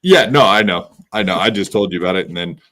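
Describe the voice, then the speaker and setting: A man's voice: sits low, expressive, fast, fairly bright tone. A man co-hosting a podcast, casually and agreeably recounting what happened, with loose fillers.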